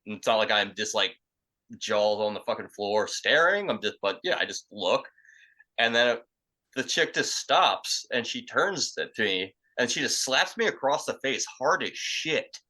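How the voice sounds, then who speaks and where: Young man, bright voice, rambling filler-heavy storytelling, profane. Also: medium pitch, expressive, measured pace, low-quality recording. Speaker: podcast storyteller. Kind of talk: casual crude storytelling.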